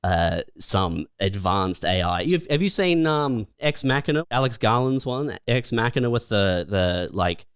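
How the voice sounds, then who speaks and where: A man's voice: lowish voice, animated, a little slow, hardly any pauses, clean tone, no echo, clean studio sound. A man co-hosting a comedy podcast, chatting in a laid-back, rambling way with fillers. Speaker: podcast co-host. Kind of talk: casual comedic chat.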